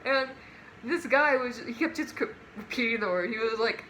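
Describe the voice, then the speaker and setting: Young female vlogger, chatty and giggly storyteller, slightly high and bright tone. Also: lively intonation, brisk, a little hiss or hum. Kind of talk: casual storytime.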